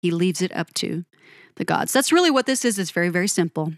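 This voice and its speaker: A woman hosting a music commentary, gushing about a song, animated and quick to correct herself. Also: on the low side, no room sound, studio quality. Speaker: music podcast host. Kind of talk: enthusiastic song breakdown.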